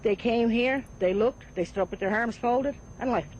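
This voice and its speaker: A man's voice: very high voice, normal speed, lo-fi sound, slight background noise. A man interviewed in a news clip, speaking indignantly and assigning blame. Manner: indignant, blaming. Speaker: interviewed local witness.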